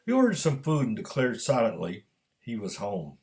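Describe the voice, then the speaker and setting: A man reading his own story aloud in a measured narrating manner. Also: mid-range voice, wildly swooping pitch, darkish tone. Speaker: author and storyteller.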